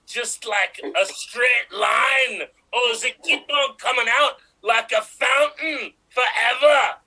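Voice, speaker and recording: A man playing a doctor in a gravelly put-on voice with a fake Scottish accent. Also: extremely high pitch, slow pace, bright, forceful tone, exaggerated voice. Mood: probing. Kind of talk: improv comedy scene.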